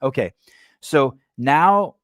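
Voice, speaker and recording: A man's voice: mid-range voice, lively intonation, extremely slow, a bit bright, dry recording. A man from the San Francisco Bay Area hosting a podcast. He reads a news article aloud and breaks off into blunt, provocative, irreverent asides. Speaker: podcast host.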